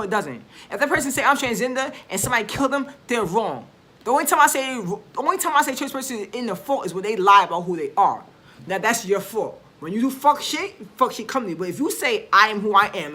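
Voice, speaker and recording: A woman delivers a heated, profane vlog rant straight to camera. She hammers her points home by repeating them. Her voice sits a little high and has a bright, sharp edge. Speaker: vlogger.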